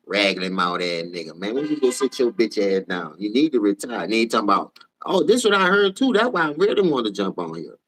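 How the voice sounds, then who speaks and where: A tired man with a New Orleans accent ranting profanely on a casual sports livestream, switching between low mumbles and loud outbursts. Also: sing-song, a little fast. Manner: profane, heated, jumps between mumbling and shouting.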